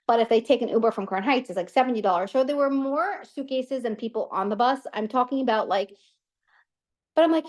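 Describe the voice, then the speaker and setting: Animated chatty woman telling a story. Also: fairly high pitch, a little fast. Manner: animated, chatty, many fillers and asides. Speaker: class host. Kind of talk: casual storytelling to an online class.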